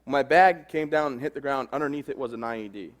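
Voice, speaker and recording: A man in his thirties speaking at a fast clip, his pitch sitting in a middle register. He tells his own story to a crowd frankly and plainly, with quick asides. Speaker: army veteran speaker. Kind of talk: personal testimony talk.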